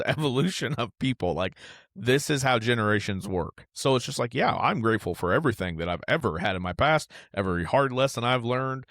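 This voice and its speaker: A man with a lowish voice talks through a solo podcast, candid and rambling as he drifts between stories. He swears freely and keeps it casual. The sound is dry and close, with no room around it. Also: a bit bright, no echo. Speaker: podcast host.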